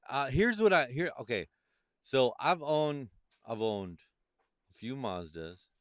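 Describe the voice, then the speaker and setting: Lively, swearing podcast host man. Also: mid-range voice, slow, no room sound, clean studio sound. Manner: swearing, animated storytelling. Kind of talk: casual chat.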